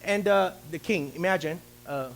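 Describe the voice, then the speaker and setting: A male pastor preaching a lively sermon, acting out the story's characters and calling out questions to his congregation. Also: sits high, moderate pace, vocal fry. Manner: theatrical, asks the congregation questions. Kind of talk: animated sermon with acted-out voices.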